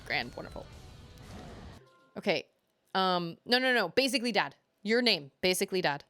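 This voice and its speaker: A young woman streaming a video game, thinking out loud and often restarting her sentences with self-deprecating remarks. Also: fairly low pitch, no echo. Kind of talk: live game stream chat.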